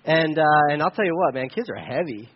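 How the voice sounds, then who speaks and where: A man, a pastor, preaching a sermon and telling a personal story in an animated way, with many restarts. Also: on the high side, brisk, highs cut off, slight background noise.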